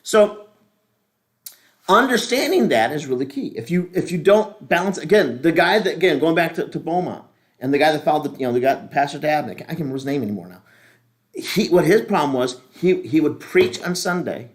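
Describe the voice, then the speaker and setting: A man's voice: a little high, expressive, brisk. A middle-aged man, a pastor, teaching a leadership class in a casual, rambling, joking way with many restarts.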